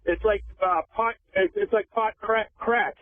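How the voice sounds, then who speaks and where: A man's voice: high-pitched, fairly even intonation, unhurried, no echo. A man from Boston calling into a radio show, speaking with a heavy stutter that repeats syllables again and again. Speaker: caller. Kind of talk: phone-in chat. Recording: tinny phone line.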